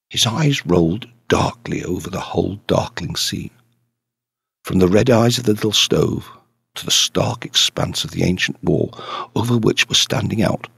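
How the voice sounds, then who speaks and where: Male narrator, measured storytelling, gravelly, husky, dry close sound. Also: sits low, animated, dry recording. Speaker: audiobook narrator. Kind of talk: scripted narration.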